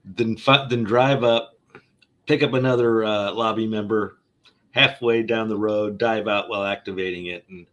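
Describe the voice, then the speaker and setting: A man's voice: lowish voice, steady tone, moderate pace, a bit bright. A man chatting casually, telling a rambling story in a laid-back way. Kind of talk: casual chat.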